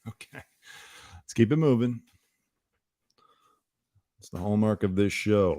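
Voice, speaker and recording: Male host, comedic news monologue, sarcastic and rambling, lower voice. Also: expressive, slow pace, long pauses, dark tone, dry recording. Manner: rambling, sarcastic, self-correcting.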